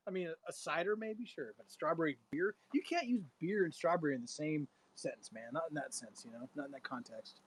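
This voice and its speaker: Laid-back guy cohosting a homebrew livestream, slightly higher voice, keeps saying man. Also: brisk, hardly any pauses, slight background noise, poor audio. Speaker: homebrew show co-host. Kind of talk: casual live-stream chat.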